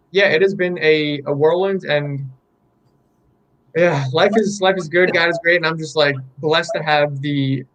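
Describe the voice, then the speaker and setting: A man's voice: fairly high pitch, a little hiss or hum, low-quality recording. A young man, an artist being interviewed, telling a story in an enthusiastic, rambling way with many fillers. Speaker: artist guest. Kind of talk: candid interview chat.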